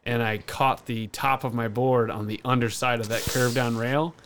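A man in his thirties telling a long story on a casual podcast, acting out the other people's lines loudly. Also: mid-range voice, moderate pace, slight background noise. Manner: animated storyteller, acts out quotes loudly. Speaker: podcast host.

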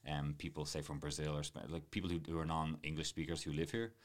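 A man's voice: rumbling low, flat delivery, fast. A man, a martial arts teacher chatting on a podcast in a rambling, self-deprecating way. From Ireland. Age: late 20s. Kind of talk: casual podcast chat.

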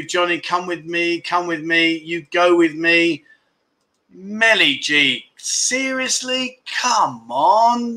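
Male livestream host, bright and lively, quick to tease the viewers. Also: a little high. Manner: joking, teasing, reading out viewer comments. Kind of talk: casual livestream chat.

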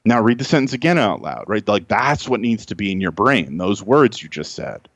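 A man's voice: lowish voice, big pitch swings, normal speed, dry recording. A man as a guest tutor on a podcast, explaining study advice in a conversational way with many restarts.

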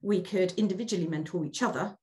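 A woman's voice: lowish voice, fast talker, darkish tone. A middle-aged woman speaking as an interview guest. She talks candidly and reflectively, often repeating words as she starts a thought.

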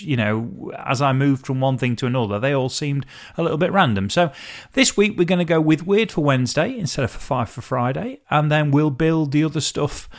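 A man hosting a casual solo podcast, talking in a rambling, chatty way and often correcting himself mid-sentence. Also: on the high side. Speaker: podcast host.

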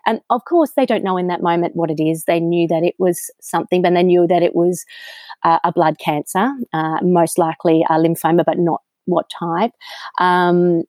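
A woman's voice: lowish voice, steady tone, moderate pace, darkish tone, no echo. A woman with an Australian accent, telling her story candidly as an interview guest, with frequent ums. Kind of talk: conversational interview.

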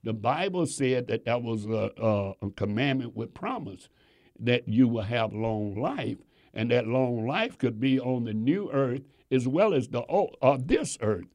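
A man's voice: mid-range voice, lively intonation, measured pace, a little mellow, highs cut off. A man preaching a sermon to his congregation, emphatic and repeating phrases for stress.

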